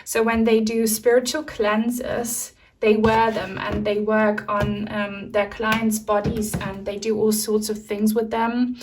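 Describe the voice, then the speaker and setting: A woman giving a pick-a-card tarot reading to camera, speaking softly with many pauses and fillers and sounding moved. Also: mid-range voice, level tone, noisy background. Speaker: tarot reader.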